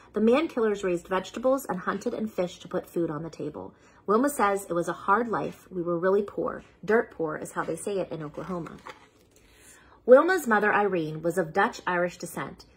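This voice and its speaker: A woman's voice: on the low side, animated, moderate pace, fairly bright tone, breathy edge, low-quality recording. A woman hosting a children's read-aloud, reading a picture book steadily and stopping now and then to sound out unfamiliar words.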